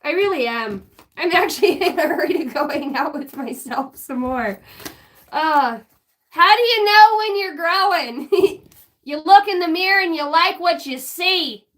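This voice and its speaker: A middle-aged woman chats on a live stream with a high, bright voice. She is goofy and self-mocking, laughs often and swears freely. She is offering spiritual readings in loose, rambling talk. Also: expressive, a little slow. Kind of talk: casual live-stream chat.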